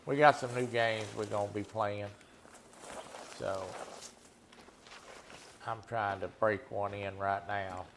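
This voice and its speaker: A man's voice: fairly low pitch, steady tone, slow pace, pauses often, noisy background. A man streaming a hunting game, chatting and teasing viewers in a laid-back way. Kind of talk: casual gameplay chat with viewers.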